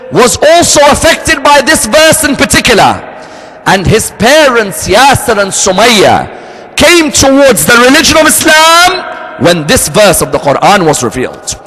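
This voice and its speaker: High-voiced male preacher in a reverberant hall. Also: a bit bright. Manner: acts out quoted dialogue, shifting pitch and pace freely. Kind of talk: sermon with dramatic storytelling.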